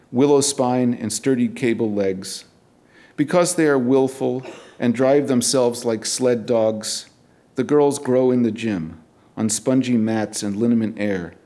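A middle-aged man, a poet, reading his poems aloud at a university event in a measured, deliberate way, with casual remarks between poems. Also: mid-range voice, dark tone. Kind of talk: poetry reading.

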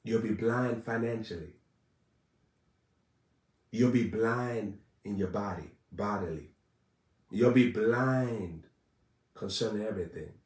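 Man preaching live, fiery and repetitive, rising to shouts; echoey room, off-mic. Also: fairly low pitch, slow, pauses often, recorded from a distance. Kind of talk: live-streamed sermon.

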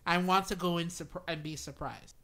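A man's voice: fairly high pitch, fairly even intonation, normal speed, fairly bright tone. A man co-hosting a casual podcast, chiming in with dry joking asides. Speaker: podcast co-host.

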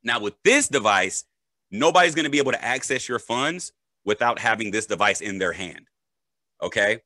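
Bright-voiced joking crypto educator man. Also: on the low side, normal speed, no echo. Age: adult, a parent. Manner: animated, joking, checks in with "right?" and "okay?". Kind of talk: casual explainer.

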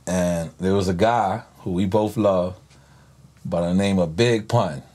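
Husky man guest, lively storyteller, slangy and profane. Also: low voice, a little slow. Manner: animated, swears freely, acts out others' lines in voices. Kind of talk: casual storytelling in an interview.

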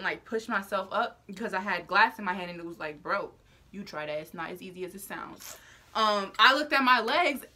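A young woman vlogger telling a personal story to her viewers in a chatty, animated, slang-filled way. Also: medium pitch. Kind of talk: storytime vlog.

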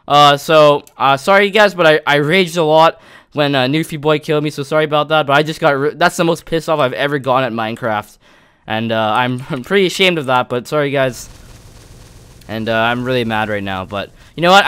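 Excitable young man narrating gameplay. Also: a little high, smooth. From Canada. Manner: excitable, yelling at near misses. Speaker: gaming YouTuber. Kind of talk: casual gameplay commentary.

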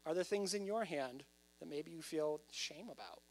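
A man preaching a sermon as pastor, talking to his congregation and often rising to loud emphasis. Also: on the high side, animated, normal speed.

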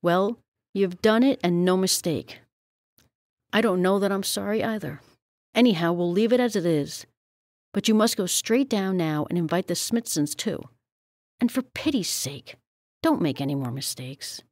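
A woman reading aloud as a proud, bustling older spinster who talks briskly and fussily. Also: fairly low pitch, animated, darkish tone, dry recording, studio quality, close to an everyday voice. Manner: brisk, fussy, exclamatory.

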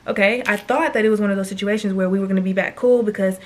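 This twenties-aged woman vlogger recounts a personal story on camera at a quick clip, her mid-range voice keeping a steady tone. Her storytime delivery is casual and full of slang, with frequent asides directed at her audience.

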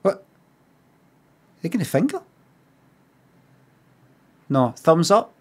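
A middle-aged Scottish man streaming, chatting casually, rambling and swearing, and mocking signs in lively put-on voices. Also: on the high side, takes it slowly, slightly rough. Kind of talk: casual livestream chat.

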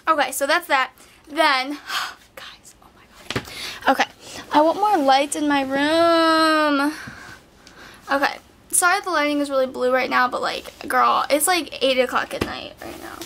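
Bubbly teenage girl, high bright voice. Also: a little hiss or hum. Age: teens. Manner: chatty, gushing, heavy on "like" fillers. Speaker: beauty vlogger. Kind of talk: casual makeup haul chat. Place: bedroom at night.

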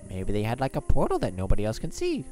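A woman's voice: very deep voice, huge pitch swings, fast talker, dark tone, faint music behind, heavily acted. A woman voicing a polite, frail old male rat who speaks courteously and apologetically, in a game playthrough. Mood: courtly.

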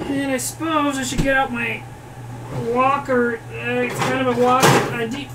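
A woman's voice: a little high, very noisy. A woman with a Northern Plains Midwestern accent chatting bluntly on a cooking stream, swearing freely and answering her chat as she cooks in a home kitchen. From Upper Midwest, United States. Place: home kitchen with food frying. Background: faint sizzling and frying.

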